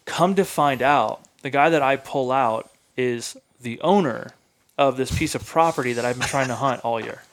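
A man's voice: medium pitch, moderate pace. A man on a podcast, animatedly telling a hunting story in casual chat, swearing freely and packing his talk with fillers. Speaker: podcast guest, hunter. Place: in-person recording on a hunting trip.

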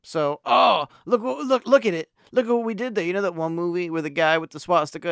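Male podcast co-host, animated sarcastic movie critic, resonant voice with some fry. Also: high voice, fairly quick, few pauses, dry recording, studio quality. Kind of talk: casual movie-review chat.

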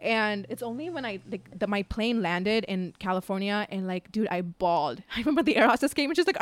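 Woman in her twenties, casual podcast chat, smooth clear voice, dry close sound, filler words, swearing. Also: mid-range voice, lively intonation, brisk, few pauses, dry recording. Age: 20s. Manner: chatty, lots of fillers, swears.

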